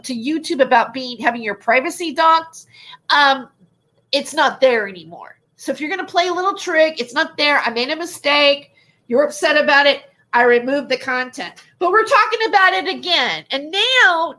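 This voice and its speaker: A woman vlogger recounting an online argument in an indignant, animated way. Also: sits high. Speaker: YouTube commentator. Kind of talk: casual vlog rant.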